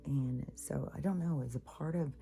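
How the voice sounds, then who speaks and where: Woman vlogger with a very low, dark voice, rambling casually and dropping into whispery asides. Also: normal speed, gravelly. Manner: rambling, many fillers, drops into whispery asides. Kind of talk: casual spiritual vlog monologue.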